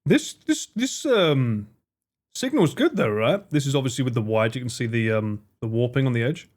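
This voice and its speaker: A man's voice: medium pitch, very animated, moderate pace. A man streamer giving casual reaction commentary, chatty, laughing and swearing.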